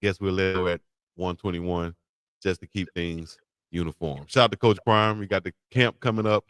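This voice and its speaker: A man's voice: low voice, fairly even intonation, moderate pace, fairly bright tone, clean tone, no echo, studio quality. A man co-hosting a casual live-stream show, joking and laughing as he talks. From Alabama. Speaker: co-host.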